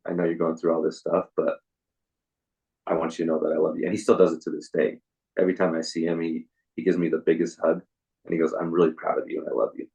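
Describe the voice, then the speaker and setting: A young man as a podcast guest, telling his story in a soft, halting way with many restarts. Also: sits low, little pitch movement, vocal fry, husky, poor audio. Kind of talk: casual interview storytelling.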